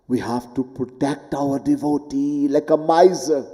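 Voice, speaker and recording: Slow, deliberate spiritual teacher, echoing hall. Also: male voice, steady tone. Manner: deliberate, with wide swings in pitch and loudness, chanting Sanskrit verses. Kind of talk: devotional lecture. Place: temple hall. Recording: long hall reverb.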